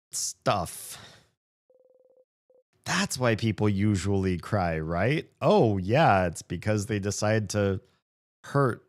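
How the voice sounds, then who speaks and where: A man with a lowish voice hosts a let's play, reading the game's text aloud and commenting on it playfully. He laughs often and mumbles soft asides.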